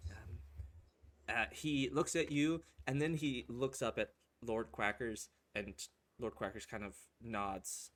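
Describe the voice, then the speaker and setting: Casual tinged game master. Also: male voice, mid-range voice, steady tone, slow. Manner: casual, filler-laden narration. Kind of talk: narrating a tabletop game.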